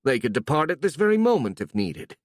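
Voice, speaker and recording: A man's voice: mid-range voice, sing-song, brisk, no room sound, studio quality, pitched above the performer's own voice. A man doing a smug monster queen. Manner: smug, then easily surprised.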